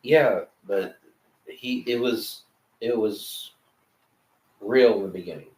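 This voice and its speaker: A man's voice: fairly low pitch, slow, darkish tone. A young man co-hosting a podcast in a laid-back casual chat, swearing freely and restarting his sentences. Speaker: podcast co-host. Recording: echoey room, mic at a distance.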